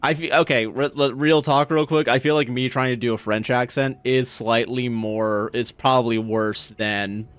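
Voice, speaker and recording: A man's voice: medium pitch, fairly even intonation, normal speed, few pauses, clean tone. A man livestreaming a game, joking, swearing and laughing as he reacts. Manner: joking, profane, laughs often. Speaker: streamer. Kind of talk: casual game livestream commentary.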